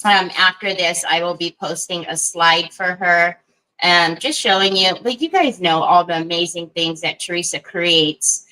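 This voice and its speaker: A woman's voice: on the low side, unhurried, sharp tone, poor audio. A woman hosting a casual craft livestream, chatting to viewers by name, laughing often and teasing herself. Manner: self-deprecating and giggly.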